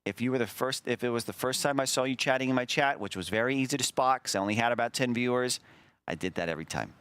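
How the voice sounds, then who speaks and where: A man's voice: medium pitch, fast talker, fairly bright tone, clean tone, dry recording. A man hosting a stream in casual chat, rambling and self-deprecating as he looks back. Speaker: streamer host.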